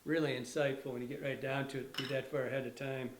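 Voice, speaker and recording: At a fly shop tying bench, a middle-aged man instructs casually as he demonstrates fly tying. His medium-pitched voice is flat and fast, the sound roomy with slight background noise, and he rambles, corrects himself and restarts sentences enthusiastically.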